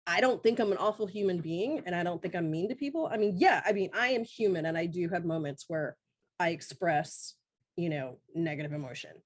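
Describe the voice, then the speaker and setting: A woman with a slightly low voice co-hosts a casual podcast. She thinks aloud in a reflective way and pauses often on fillers. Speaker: podcast co-host. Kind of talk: candid personal conversation.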